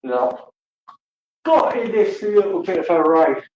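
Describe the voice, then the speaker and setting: Older livestreamer, tired and crude, very slow delivery, far from the mic in a boomy room. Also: male voice, animated, a little mellow. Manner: crude, swearing, laughing often. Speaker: livestream host. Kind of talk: rambling casual chat to viewers. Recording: echoey room, distant mic, faint noise.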